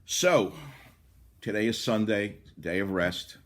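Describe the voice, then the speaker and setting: An older man, a radio talk host, delivering an off-the-cuff political monologue, ranting and indignant, swinging between loud outbursts and low muttering. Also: expressive, normal speed. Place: small cottage by the bay.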